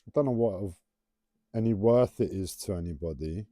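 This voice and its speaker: A man's voice: on the low side, moderate pace, warm tone, no echo. A man hosting a rambling solo livestream from home, waffling off on tangents and having trouble pronouncing his T's. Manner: wanders off on tangents, self-described waffling. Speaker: livestream host.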